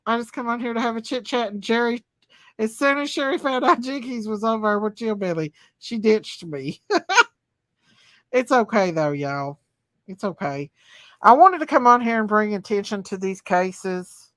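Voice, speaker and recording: A woman's voice: a little high, animated, normal speed, no room sound, clean studio sound. A woman hosting a casual livestream, chatting folksy with viewers and singing to them. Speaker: livestream host reading chat. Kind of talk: casual live chat.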